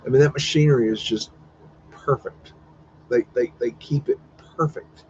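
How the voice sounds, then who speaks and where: A man's voice: medium pitch, normal speed, a little mellow, lo-fi sound, a little hiss or hum. Rambling man hosting a live stream. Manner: rambling, profane, wondering aloud, teasing his dog. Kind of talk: casual live-stream commentary on old photos.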